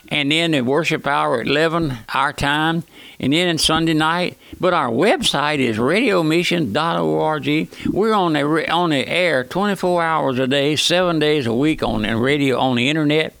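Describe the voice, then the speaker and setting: A man's voice: fairly high pitch, vocal fry, a bit bright, no room sound. An older man, preaching a radio sermon in a folksy way and often calling the listener his friend.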